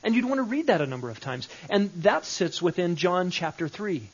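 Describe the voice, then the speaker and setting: Husky man teaching a Bible study. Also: high voice, very animated, fairly quick. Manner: conversational, repeats phrases with shifting emphasis. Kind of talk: live teaching session. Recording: dull lo-fi recording.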